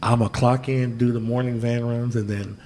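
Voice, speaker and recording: A man hosting a podcast, telling a story in a loose, profane, animated way and dropping "yo" constantly. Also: mid-range voice, moderate pace, a little hiss or hum. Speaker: podcast host. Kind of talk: casual storytelling chat.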